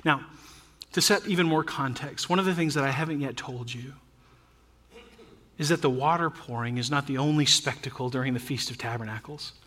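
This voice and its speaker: A man preaching a sermon to his church, animated, swinging between loud emphasis and hushed asides and joking with the congregation. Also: medium pitch, fairly quick. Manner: jokes with the congregation and laughs at his own asides. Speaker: pastor.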